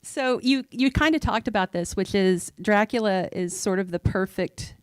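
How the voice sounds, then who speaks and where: A woman's voice: mid-range voice, normal speed, clear, resonant tone, dry recording. A woman hosting a live Q&A, asking the guest eager, fan-like questions. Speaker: host and interviewer.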